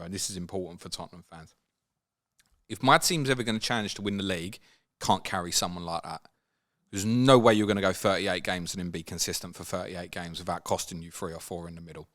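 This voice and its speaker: A man hosting a casual football chat, animated and swinging up high when he mimics players. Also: a little fast. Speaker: football podcast host.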